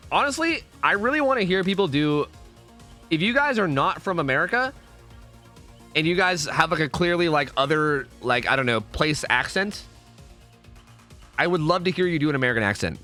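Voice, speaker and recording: Animated young man chatting on stream. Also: on the high side. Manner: rambling, swears casually, chats with viewers. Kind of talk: casual game-stream chat.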